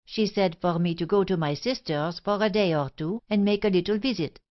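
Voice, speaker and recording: A woman voicing a timid young maid who answers in soft, steady, trance-like tones. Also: mid-range voice, brisk, voice pushed up, lightly acted. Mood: nervous. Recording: dull lo-fi audiobook recording.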